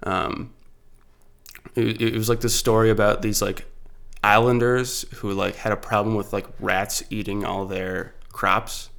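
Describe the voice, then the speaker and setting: A man's voice: lowish voice, little pitch movement, a little slow, gravelly, a bit bright, clean tone. A young man hosting a casual podcast chat, rambling with lots of fillers and restarts. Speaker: podcast host.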